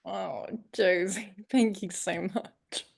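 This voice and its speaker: A woman, the author guest on a podcast, speaking softly and warmly in casual chat. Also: mid-range voice, fairly even intonation, takes it slowly, creaky.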